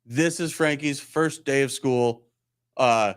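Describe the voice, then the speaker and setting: A man in his thirties talks through a personal story on his live show. He rambles and laughs at himself, restarts his sentences, and acts out the people he quotes, all at a mid-range pitch. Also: slow pace, smooth. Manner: rambling, self-deprecating, acts out quoted voices. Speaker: chiropractor hosting a weekly live Q&A. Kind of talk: casual storytelling monologue.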